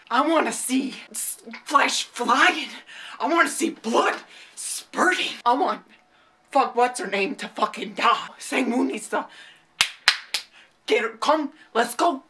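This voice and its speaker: A woman ranting in a reaction vlog, swearing constantly and breaking into shouted outbursts. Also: high-pitched. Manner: profane, rants with shouted outbursts. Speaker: vlogger reacting to a webtoon chapter.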